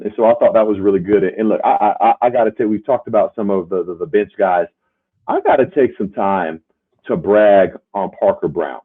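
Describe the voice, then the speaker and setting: A man who once played the sport, co-hosting a podcast and making emphatic, punchy points. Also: medium pitch. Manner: emphatic, punchy, tag questions. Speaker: podcast co-host, former player. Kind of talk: casual sports chat. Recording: tinny phone-like sound.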